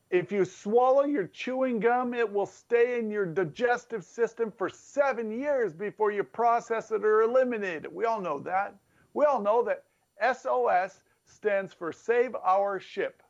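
A man's voice: sits high, dull audio. A man preaching a sermon as a pastor in a playful, conversational way, building through repeated phrases.

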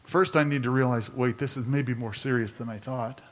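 A man's voice: mid-range voice, fairly even intonation, normal speed. A man preaching a sermon as a pastor, talking conversationally and asking his listeners rhetorical questions.

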